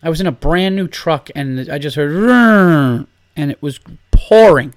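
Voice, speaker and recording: A man, hosting a solo podcast and ranting, animated and profane, getting loud and high when worked up. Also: normal speed, no echo, studio quality. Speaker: podcast host.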